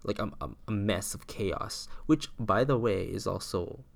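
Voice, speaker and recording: A young man talks through a loose, meandering solo podcast monologue, doubling back on himself mid-sentence. Being sick has pushed his voice down into a low, gravelly register full of fry. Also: unhurried. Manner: meandering, self-interrupting, with frequent restarts. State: sick, voice lower than usual. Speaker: podcast host.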